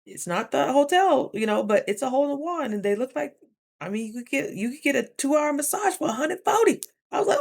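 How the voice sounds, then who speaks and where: Chatty, animated woman vlogger. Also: high-pitched, brisk, gravelly. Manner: chatty, animated, acts out her own thoughts. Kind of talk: casual talking-to-camera vlog.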